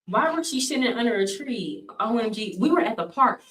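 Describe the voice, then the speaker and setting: A woman from the United States, vlogging casually, rants through a story in a blunt, slangy, indignant way. Her voice is fairly high and bright, animated and a little fast, and she sounds far from the mic in an echoey room, a bit off-mic.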